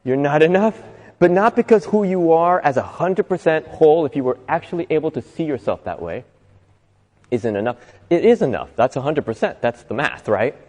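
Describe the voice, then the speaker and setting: A man's voice: a little high, animated, normal speed, darkish tone, long reverb tail. A man giving an inspirational talk to a live audience in a conversational way, often asking listeners rhetorical questions. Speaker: motivational speaker.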